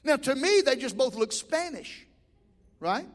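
A man preaching in a church, his voice unusually high. He talks in a folksy way and climbs into shouted builds. The sound carries a long hall reverb. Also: sing-song, a little slow. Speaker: pastor. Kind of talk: sermon. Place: church sanctuary.

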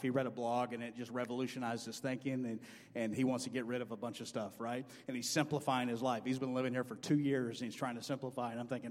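A middle-aged man preaching a sermon in a church, animated and acting out quoted dialogue in a loud voice. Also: medium pitch. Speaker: pastor. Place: church sanctuary. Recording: long hall reverb.

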